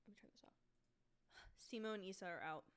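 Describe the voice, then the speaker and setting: Speaking a bit quickly in a clean, mid-range voice, this young woman hosts a laid-back home livestream as a watch-along. Her chat is self-deprecating, and her thoughts often drift off unfinished.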